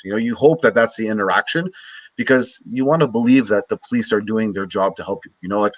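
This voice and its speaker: Canadian guy hosting a chill podcast, lowish voice, lots of "you know" and "like", dry close sound. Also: quick pace, dry recording, rough recording. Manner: loose and conversational, many "you know" and "like" fillers. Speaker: podcast host. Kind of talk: casual podcast interview.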